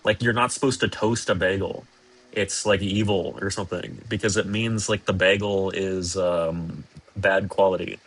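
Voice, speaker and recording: A man's voice: deep voice, fairly even intonation, moderate pace, a bit bright, breathy edge. A young man streaming from a hotel room, chatting casually and reading out viewer messages in a rambling, sarcastic, self-deprecating way with lots of swearing.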